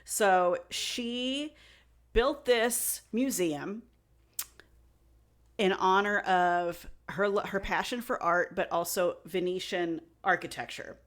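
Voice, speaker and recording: A woman's voice: medium pitch, takes it slowly, a bit bright. Woman co-host, chatty and giggly, trails off and restarts a lot. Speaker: podcast co-host presenting the story. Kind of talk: casual podcast chat.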